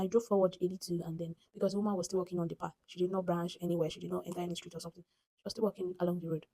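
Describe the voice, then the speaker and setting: Fast, husky Nigerian woman telling a story. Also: fairly low pitch, low-quality recording. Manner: animated, dramatic retelling with quoted voices. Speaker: vlogger. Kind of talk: casual storytelling to camera. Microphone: phone.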